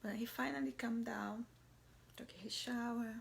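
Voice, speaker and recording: Slow, gravelly-voiced mother musing softly. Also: on the high side, fairly even intonation, a little hiss or hum. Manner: soft-spoken, often dropping to a whisper; halting, searching for words. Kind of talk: personal reflective storytelling.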